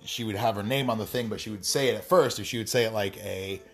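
A man's voice: fairly low pitch, fast talker, gravelly, husky. A man talking straight to his audience in a casual, rambling monologue, swearing freely and tossing in wry asides. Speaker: gaming vlogger.

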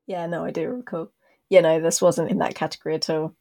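A woman co-hosting a podcast in casual chat, talking through a TV episode in thoughtful, drawn-out explanations with a dry, self-deprecating humor. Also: sits low, steady tone, vocal fry, dark tone. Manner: thoughtful, explains her views at length. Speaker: podcast co-host.

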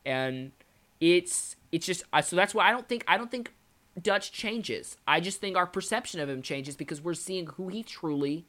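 A man's voice: high voice, expressive, moderate pace, bright, forceful tone. Passionate man breaking down a story. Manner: passionate and analytical, often repeating words as he builds a point. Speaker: podcast co-host. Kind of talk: casual chat about a video game.

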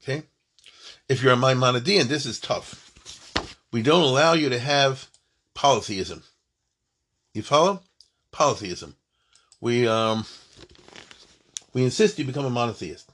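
Husky man teaching with joking asides. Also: expressive, measured pace, pauses often. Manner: joking, rhetorical questions, big swings in pitch and loudness. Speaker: teacher of Jewish law. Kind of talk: lively classroom lesson reading and explaining a text.

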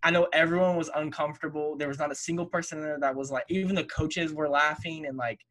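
A young man hosting a casual podcast chat, relaxed and full of fillers. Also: on the high side, quick pace. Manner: relaxed, chatty, many fillers.

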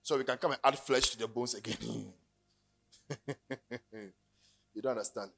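A middle-aged Ghanaian man preaching a sermon, telling stories and joking, breaking into sudden loud bursts. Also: medium pitch, steady tone, normal speed, vocal fry, slightly rough. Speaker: pastor.

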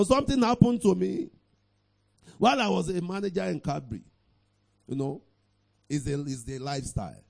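Male preacher, middle-aged, high lively voice, emphatic sermon delivery. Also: creaky. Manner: emphatic, drawn-out scripture reading with bursts of shouting, repeats "Praise the Lord".

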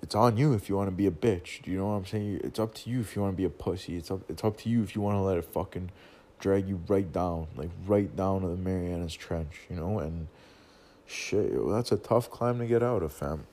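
A man's voice: low-pitched, a little fast, warm tone. A young man telling a long personal story as a casual rant, rambling, swearing constantly and full of slang.

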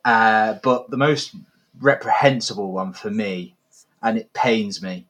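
A man in casual podcast chat, speaking in a measured, wry way. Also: fairly low pitch, fairly bright tone.

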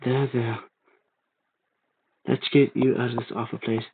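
A man voicing a calm, eerie man in black who comes for the dying, speaking softly and unhurried. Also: medium pitch, vocal fry, a little hiss or hum. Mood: calm, soothing. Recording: tinny phone-like sound.

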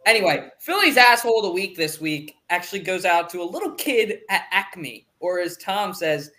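A man hosting a sports podcast, joking with his co-hosts as he runs the show. His voice is bright and forward. He keeps things moving from one segment to the next. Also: high-pitched, lively intonation, moderate pace, few pauses. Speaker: podcast host. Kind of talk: casual podcast chat.

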